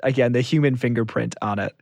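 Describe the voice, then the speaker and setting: A man hosting a podcast interview, asking earnest, measured questions. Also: mid-range voice, creaky, a little mellow, no room sound. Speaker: podcast host.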